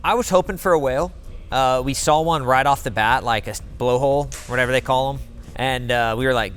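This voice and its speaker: A man narrating a casual trip vlog to camera with deadpan, mock-dramatic humor. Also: mid-range voice, a little fast, slight background noise. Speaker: vlog regular.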